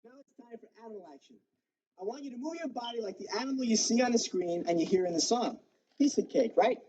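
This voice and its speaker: A woman's voice: on the high side, fast, mellow, far from the mic, muffled recording. A woman giving upbeat, encouraging instructions on a recorded children's action song.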